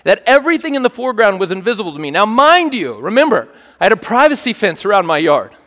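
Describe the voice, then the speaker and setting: A man with a high, bright-sitting voice preaches a sermon as an animated storyteller, joking and checking in with the congregation. His voice rings out through a church hall with a long reverb tail. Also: fast. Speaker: pastor.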